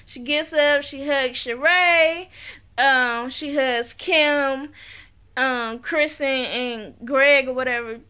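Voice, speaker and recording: A woman chatting casually to camera in a reality TV recap, sassy and quick to laugh. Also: high voice, pushed and bright. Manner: chatty and sassy, talks straight to viewers; laughs often.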